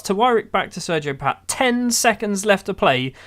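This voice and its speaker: A man's voice: high voice, lively intonation, moderate pace, a bit bright. A man playing a football manager game, giving sarcastic, exasperated running commentary on the matches. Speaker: gaming YouTuber.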